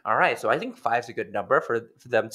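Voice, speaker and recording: A man cohosting a podcast in casual chat, animated, laughing and swearing in disbelief. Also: mid-range voice, quick pace.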